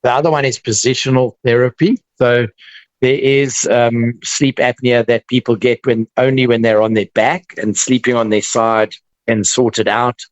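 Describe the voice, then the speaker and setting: A man with a South African accent, a dentist guest explaining treatment in relaxed, casual chat. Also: medium pitch, normal speed, no echo, highs cut off. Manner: relaxed, explains with examples and restarts.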